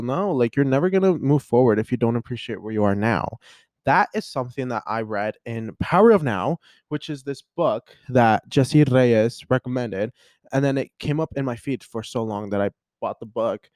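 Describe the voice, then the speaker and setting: Animated rambling young man, dry sound. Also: medium pitch, no room sound. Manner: rambling, self-interrupting, excitable. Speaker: podcast host. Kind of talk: casual solo chat.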